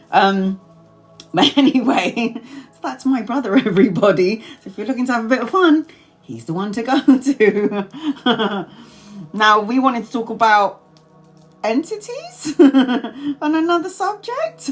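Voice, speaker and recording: A woman from Brazil hosting a live stream as a tarot reader, chatting casually, swearing freely and breaking into laughter mid-sentence. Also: medium pitch.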